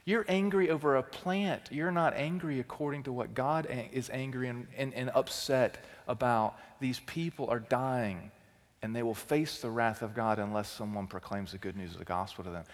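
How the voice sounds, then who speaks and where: Man, pastor, sermon, emphatic then hushed, average pitch, long hall reverb. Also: normal speed. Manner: swings from loud emphatic outbursts to quiet intensity. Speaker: teaching pastor.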